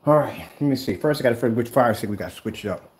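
A man's voice: mid-range voice, lively intonation, fast, a little mellow, slight background noise. A man hosting a casual livestream, brash and teasing, trash-talking his viewers and mock soothing them. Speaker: DIY projector screen paint video host. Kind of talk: casual livestream chat replying to viewer comments.

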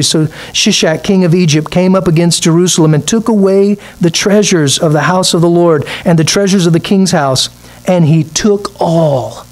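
A man's voice: high-pitched, moderate pace. A man, a pastor preaching a midweek sermon, reading scripture aloud and acting out little asides.

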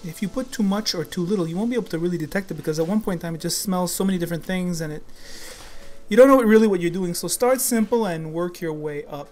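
A man's voice: high voice, fast, few pauses, darkish tone. Guy chatting through a recipe, loose and rambly, lots of ums, faint music behind. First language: French. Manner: chatty, rambling, full of fillers. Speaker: home cooking show host. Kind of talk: casual cooking demonstration.

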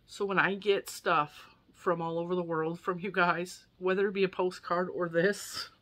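A woman's voice: lowish voice, little pitch movement, moderate pace, fairly bright tone. A woman in her forties from the US, chatting casually and emotionally while unboxing yarn gifts for her viewers. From United States. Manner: chatty, emotional, laughs often. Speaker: crochet YouTuber.

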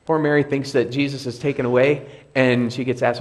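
A man's voice: medium pitch, little pitch movement, brisk. Man preaching a conversational sermon. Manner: conversational preaching with repeated phrases. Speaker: pastor. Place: church sanctuary.

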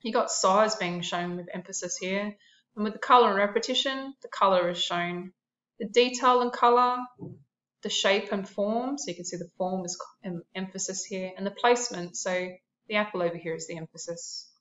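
A woman's voice: mid-range voice, moderate pace, fairly bright tone, reverberant, muffled recording, a little hiss or hum. A woman art teacher narrating a classroom lesson, explaining terms and listing examples with a few fillers.

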